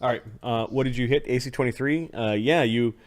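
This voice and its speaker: A man's voice: medium pitch, a little fast. A man narrating a tabletop game as game master, talking animatedly with frequent restarts.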